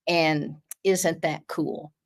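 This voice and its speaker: A woman's voice: low voice, steady tone, extremely slow. A woman guest in a casual interview, chatting about spiritual ideas and laughing often as she talks. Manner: laughs often while telling anecdotes.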